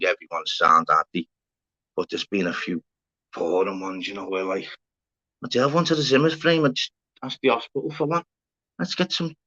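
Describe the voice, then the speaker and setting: A man chats loosely to his livestream viewers, rambling and swearing as he greets them. His voice sits fairly low, and the stream audio is dull and lo-fi. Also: a bit bright. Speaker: livestream host. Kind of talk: casual livestream chat reading the chat.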